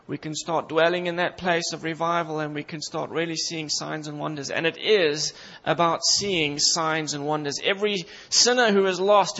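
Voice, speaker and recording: A high-pitched man preaching with fervent emphasis, building through repeated phrases. His voice rings out with a long reverb tail, as in a large hall, and the recording sounds somewhat dull and muffled. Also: pushed and bright. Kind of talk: sermon.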